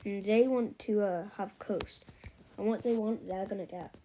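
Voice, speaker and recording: Woman, casual map commentary, filler-heavy, offhand, mid pitch, noisy recording with clicks. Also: steady tone, normal speed, mellow. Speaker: map video creator.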